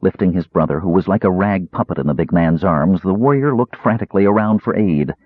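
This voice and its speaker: A man with a low, husky voice tells a fantasy story with animated, rising and falling delivery. The recording is dry and close, squeezed into a thin, phone-like band. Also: fairly quick, no echo. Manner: expressive storytelling. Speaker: narrator. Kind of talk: audiobook narration. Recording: tinny lo-fi narrow band.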